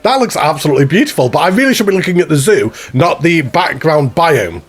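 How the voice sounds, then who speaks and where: A man's voice: a little high, animated, quick pace, husky. A man giving chatty, rambling commentary while touring a zoo in a video game, often laughing at himself. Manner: chatty, rambling, self-mocking. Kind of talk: casual gameplay commentary. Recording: faint background music.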